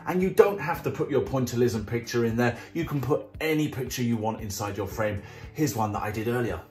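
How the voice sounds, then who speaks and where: A man runs a children's art club, walking kids through each drawing step in a chatty, playful, jokey manner. His medium-pitched voice is expressive, fairly quick, and a little mellow, and the room sounds roomy with faint music.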